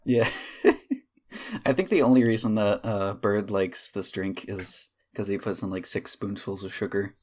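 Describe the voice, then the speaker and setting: A woman's voice: rumbling low, measured pace, darkish tone. A woman running a tabletop game, chatting casually and joking, swearing freely, recorded on a home microphone. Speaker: dungeon master. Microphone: home microphone, recording over a call.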